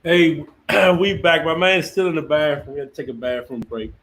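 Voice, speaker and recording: A man's voice: a little high, fairly even intonation, moderate pace, fairly bright tone. A man hosting a podcast, asking questions and laughing along in casual chat. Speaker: podcast host.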